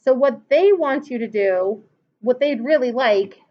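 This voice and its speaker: Woman math teacher, high voice, patient step-by-step explaining, quizzes the class, dull lo-fi classroom recording. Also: animated, a little slow. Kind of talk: classroom lesson walking through calculator steps.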